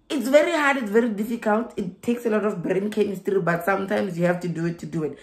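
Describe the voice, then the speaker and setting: A woman's voice: mid-range voice, a little fast, hardly any pauses, a little mellow, roomy sound. A young South African woman with a South African accent giving migration advice in a chatty vlog, laughing and repeating herself for emphasis.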